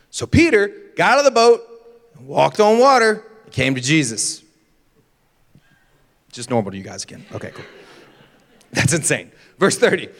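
A man's voice: fairly high pitch, sing-song, moderate pace, long pauses, fairly bright tone. A young man preaching a casual, jokey sermon in a church, acting out voices and sound effects as he goes. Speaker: pastor. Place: church auditorium. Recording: reverberant hall.

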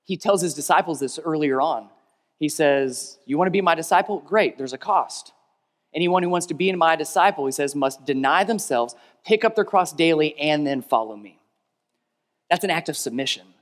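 A man's voice: animated, moderate pace. Man preaching in a reverberant hall. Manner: preaching with call-and-response, rising to emphatic peaks then dropping low. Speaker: pastor. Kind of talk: sermon. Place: large church hall. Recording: long reverb of a large hall.

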